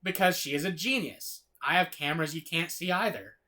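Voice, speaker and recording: A man's voice: on the high side, animated, fairly quick, pushed and bright, pitched above the performer's own voice. A man reading a brash, defensive adult male superhero's lines aloud in a slightly raised voice. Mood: indignant.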